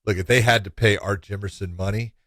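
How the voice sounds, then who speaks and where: Animated storytelling man, dry sound. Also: fairly low pitch, fairly quick, no echo. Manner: animated storyteller, acts out quotes. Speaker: podcast co-host. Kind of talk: casual sports chat.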